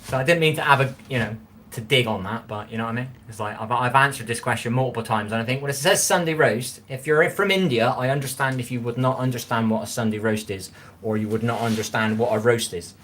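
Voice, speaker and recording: Male streamer, mid-pitched, loose and rambling, talking to chat from his kitchen, faint background hiss. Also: fast talker, fairly bright tone. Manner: rambling, chatty, repeats himself, talks straight to viewers. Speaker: livestream host reading chat. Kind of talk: casual live-stream chat while cooking.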